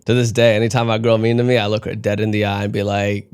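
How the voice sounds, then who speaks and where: A young man from New York talks through a comedic monologue in a fairly low voice. He moves between dry, musing asides and abrupt, animated outbursts. His delivery stays loose and conversational. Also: fast, few pauses, smooth. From United States, raised in New York. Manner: animated, swings from deadpan musing to sudden outbursts. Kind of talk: stand-up style comedic monologue.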